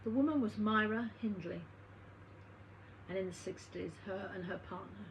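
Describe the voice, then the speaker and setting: A woman's voice: medium pitch, moderate pace. A woman who works as a medium and healer, telling a story in a chatty way and acting out the dialogue. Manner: chatty, acts out dialogue in her stories. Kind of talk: conversational storytelling monologue. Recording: noisy recording with a background hum.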